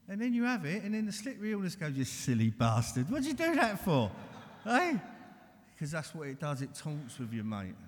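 A man giving an earnest, blunt recovery share, talking straight and calling everyone mate, in a large hall. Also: on the high side. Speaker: recovery speaker. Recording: long hall reverb.

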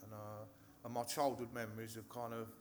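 A man's voice: medium pitch, flat delivery, fairly quick, a little hiss or hum. An English man from Hertfordshire telling his recovery story to a live audience, nervous, swearing often and restarting his sentences. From Hertfordshire, England. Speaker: speaker sharing recovery story. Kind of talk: personal testimony to a live audience. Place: stage in a meeting hall.

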